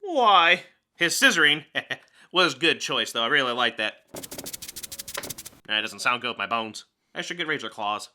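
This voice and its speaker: A man delivers a comedic film review in a voice of sharp, piercing brightness. His talk is sarcastic and grumbling, laced with self-pitying jokes. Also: mid-range voice, big pitch swings, a little slow, pauses often, a little hiss or hum. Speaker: film reviewer hosting a show.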